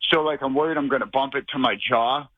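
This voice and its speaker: A man's voice: medium pitch, fast, no room sound. A man with a Boston accent calling in to a talk show, slightly out of breath, rambling and talking over the host. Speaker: caller. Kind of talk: phone call to a talk show. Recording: tinny phone line.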